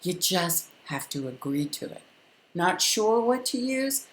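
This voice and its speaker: An older woman, a longtime parenting educator, giving a calm, firm and instructive lesson to camera with deliberate pauses. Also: on the low side, echoey room.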